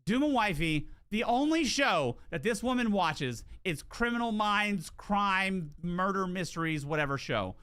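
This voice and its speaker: A man streaming a game, telling a story in a casual, animated way, swearing and restarting his words. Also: sits high, unhurried, hardly any pauses, clean tone.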